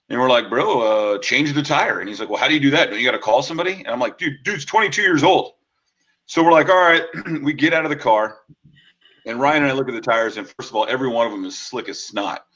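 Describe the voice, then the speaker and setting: A man chats on a podcast, slipping into quick impressions of his friends as he tells a story. His voice is bright and forward. The recording sounds slightly dull and lo-fi. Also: medium pitch. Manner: animated, acts out quotes with many fillers. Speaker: podcast co-host. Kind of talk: casual chat, storytelling.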